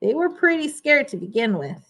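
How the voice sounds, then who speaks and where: A woman reading a children's storybook aloud, pausing to explain words and ask the listeners questions. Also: high voice, very animated.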